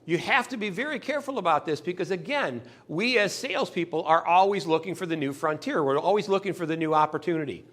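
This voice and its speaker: Animated, bright-voiced male sales trainer. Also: sits high, quick pace, hardly any pauses. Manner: animated, acts out customers' voices in little scenes. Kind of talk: motivational sales talk.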